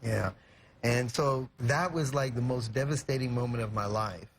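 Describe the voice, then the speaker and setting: A man's voice: mid-range voice, normal speed, a little hiss or hum. A young man from California, a guest in a TV studio, telling an emotional story earnestly and reflectively, with many "you know" fillers. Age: young adult.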